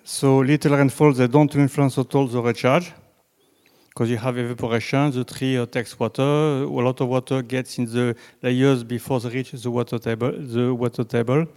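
A man with a French accent, a native French speaker, giving a slow, halting presentation with slides and frequent restarts. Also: medium pitch, level tone, a little mellow. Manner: halting, many restarts and fillers, deliberately slow. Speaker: presenter on groundwater.

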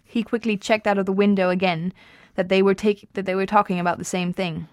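A woman's voice: mid-range voice, brisk, no room sound. Woman reading a novel aloud, dry sound. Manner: steady, with small slips and restarts. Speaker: reader.

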